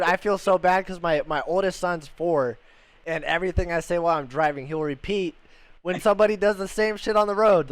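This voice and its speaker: Casual chat, young guy vet hosting a stream, swears constantly, smooth voice. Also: a little high, no room sound. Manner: blunt, heavy swearing, many fillers. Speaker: podcast host, Marine veteran.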